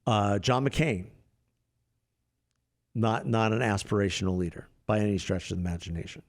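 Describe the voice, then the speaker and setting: A man's voice: on the low side, moderate pace. A man co-hosting a casual political talk show, blunt and emphatic, often repeating words as he starts a point. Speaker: podcast co-host.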